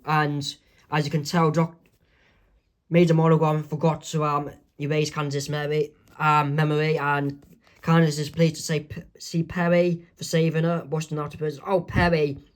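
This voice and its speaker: Homemade comic reader, rambly, lots of ums, fixes own mistakes, mid pitch. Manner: rambling, full of ums and self-corrections. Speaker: comic creator narrating own strip. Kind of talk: amateur comic read-aloud.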